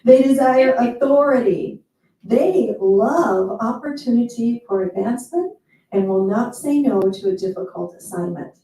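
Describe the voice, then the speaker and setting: An enthusiastic woman speaker gives a playful motivational talk, her voice fairly high yet mellow. She stands back from the microphone, so her words ring through a very echoey event hall. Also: lively intonation, measured pace, recorded from a distance. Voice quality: enthusiastic, playful, with quoted asides.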